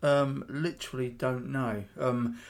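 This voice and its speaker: A man's voice: medium pitch, little pitch movement, unhurried, vocal fry. A man co-hosting a podcast, chatting casually with teasing, laughing banter. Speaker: podcast co-host. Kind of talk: casual chat.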